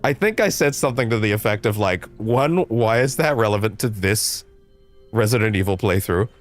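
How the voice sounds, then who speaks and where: A man's voice: moderate pace, soft background music. A man livestreaming a game, ranting animatedly and swearing freely at his chat. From Canada. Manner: animated, profane ranting with shifting pitch.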